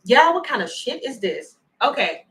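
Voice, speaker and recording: A woman giving a chatty, animated livestream tarot reading and thanking viewers by name. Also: fairly high pitch, normal speed, low-quality recording. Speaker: tarot reader.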